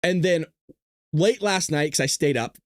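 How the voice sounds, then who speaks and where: A man's voice: on the high side, measured pace, no echo, clean studio sound. A tired man hosting a casual news commentary livestream, rambling, cursing freely and giggling often. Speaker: show host.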